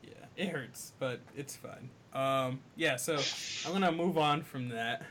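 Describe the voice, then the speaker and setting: A man's voice: medium pitch, unhurried, a bit bright, slight background noise. A man co-hosting a casual anime podcast, rambling in a laid-back way with many fillers. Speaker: podcast co-host.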